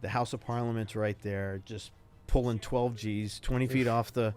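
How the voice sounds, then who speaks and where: An older man, a retired Navy pilot, telling animated stories as an interview guest and acting out the people he quotes. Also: mid-range voice, normal speed. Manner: animated anecdotes, acts out quoted voices. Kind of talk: casual interview storytelling.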